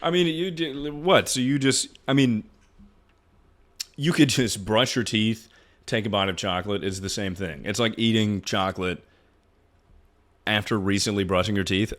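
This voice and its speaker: A man's voice: on the low side, steady tone, moderate pace, pauses often, a bit bright. A man in his twenties streaming, ranting casually and profanely as he ranks things. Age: 20s. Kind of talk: casual livestream commentary.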